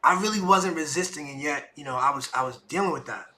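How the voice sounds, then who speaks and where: A middle-aged podcast host with a high-leaning voice talks fast as he tells a personal story with emotion. His retelling is animated, and he acts out what people said.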